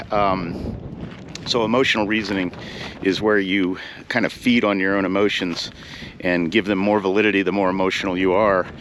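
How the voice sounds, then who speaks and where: A man's voice: on the low side, fairly bright tone, slight background noise. A man talking casually to camera outdoors on a mountaintop, out of breath, reflective and rambling with fillers and restarts. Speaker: vlogger, caregiver advocate.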